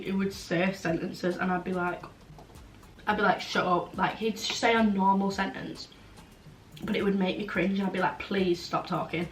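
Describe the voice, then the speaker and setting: A blunt young Englishwoman chats through viewer questions with easy frankness, peppering her talk with "like". Her voice sits in a middle register. It sounds roomy and a touch distant, with a faint hiss behind it. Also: mid-range voice. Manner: frank, blunt, chatty, many "like" fillers. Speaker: vlogger. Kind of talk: casual chatty Q&A. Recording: roomy, slightly distant, faint background noise.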